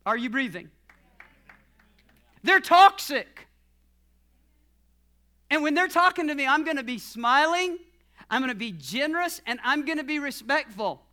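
A male pastor delivers a sermon in a high, bright, ringing voice. He builds to shouted declarations, then eases into quiet, nearly whispered teaching with a laugh here and there. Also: lively intonation, brisk.

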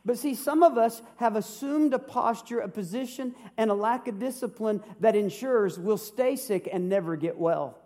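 A man's voice: sits high, normal speed, few pauses, darkish tone. A man in his fifties, a pastor, preaching a sermon with humor and rhetorical questions. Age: 50s.

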